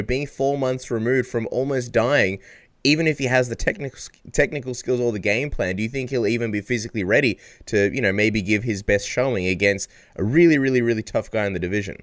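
A man hosting a sports interview, setting up context before his question. His voice is mid-pitched and the sound is dry and close. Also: no room sound. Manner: measured, laying out context before asking. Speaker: radio show host.

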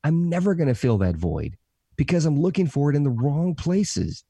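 A man's voice: a little high, big pitch swings, normal speed, dark tone, breathy edge, dry recording. A man speaking earnestly on a podcast, telling a personal story with emphatic repetition of key phrases. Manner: self-described positive motivational talker.

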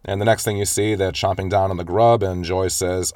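A man's voice: sits low, flat delivery, fairly quick, few pauses, a little mellow, no echo, studio quality. A man retelling a film scene by scene in casual commentary, quoting the characters' lines with small shifts of voice. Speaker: film reviewer.

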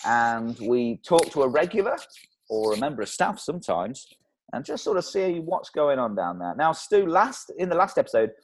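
Lively teasing male podcast host. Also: medium pitch, moderate pace. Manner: lively, teasing, laughs often. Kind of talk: casual comedy chat.

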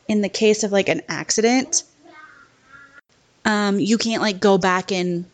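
Chatty, rambling young mom. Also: female voice, mid-range voice. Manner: rambling, chatty, frequent "like" fillers. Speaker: mom vlogger. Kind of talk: casual chat. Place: home. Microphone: laptop microphone.

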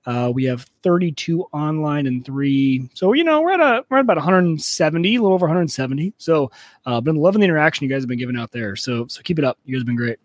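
Relaxed man co-hosting a podcast. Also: fairly high pitch, fast talker, no echo. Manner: relaxed, conversational, filler-heavy. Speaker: podcast co-host. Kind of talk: casual chat.

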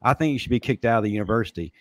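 Firm podcast host with a dry, close sound. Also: male voice, on the low side, racing, dry recording. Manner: firm and direct, hands the floor to others. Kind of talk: casual sports talk.

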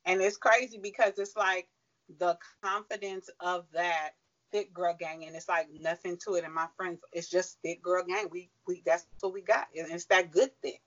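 A woman's voice: fairly low pitch, steady tone, normal speed. Candid rambling businesswoman, lo-fi audio. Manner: candid, rambling with many fillers and quoted self-talk. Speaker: business owner guest. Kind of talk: casual interview answers. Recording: dull lo-fi audio.

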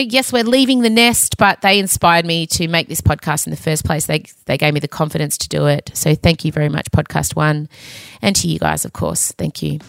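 A woman's voice: lowish voice, gravelly, a bit bright, no room sound. A woman hosting a podcast, closing the episode with chatty, heartfelt thank-yous and self-mocking asides. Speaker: podcast host. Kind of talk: casual podcast sign-off.

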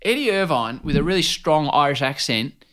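A man in his forties with an Australian accent, a sports broadcaster chatting as a guest and telling lively anecdotes, often calling his listener mate. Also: fairly high pitch, moderate pace, clear, resonant tone. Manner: animated, laughing anecdotes, keeps saying mate. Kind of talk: casual storytelling chat.

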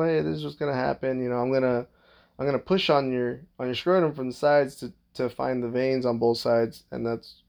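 A young man with a gravelly, fried edge to his mid-pitched voice tells a personal story in loose, rambling fashion. He swears constantly and cracks jokes as he goes, keeping it crude and offhand. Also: darkish tone. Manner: profane, rambling, joking. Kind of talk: casual storytelling.

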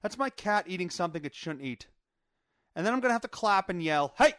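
A man's voice: sits high, animated, a little fast, fairly bright tone, no room sound, clean studio sound. A man hosting his own podcast from his home basement, chatting casually in a rambling, profane way with lots of filler words. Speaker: podcast host. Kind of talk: casual solo chat.

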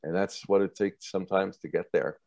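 A man's voice: deep voice, brisk, vocal fry, dry recording. A man, a TV producer, casually recounting stories from his career in an interview, acting out the voices of the people in them and laughing often. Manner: animated, acts out quoted voices, laughs often.

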